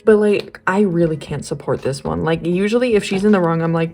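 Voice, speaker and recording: A woman's voice: on the low side, a little fast, darkish tone, soft background music. A young woman chatting casually while she draws, rambling with lots of fillers and slang. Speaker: art vlogger. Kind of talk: casual chat while drawing.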